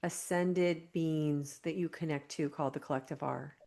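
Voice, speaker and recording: A woman's voice: low-pitched, steady tone, moderate pace, gravelly, mellow. A woman hosting an interview, enthusiastic and appreciative as she asks her guest to explain. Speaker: interview host.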